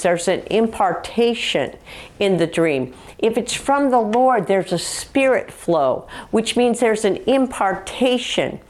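A woman minister from the United States giving an earnest teaching sermon on dreams, mixing scripture with personal testimony. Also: lowish voice. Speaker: Christian TV minister.

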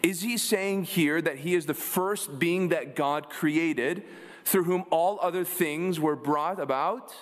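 A man's voice: a little high, slow pace. A man preaching a sermon, asking his congregation rhetorical questions and answering them with emphasis. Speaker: pastor.

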